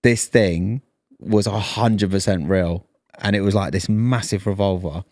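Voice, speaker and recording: Man in his thirties, deeper voice, dry close sound, animated storyteller, podcast co-host. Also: unhurried, no room sound. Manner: animated storyteller, acts out quoted lines. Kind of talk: casual storytelling chat.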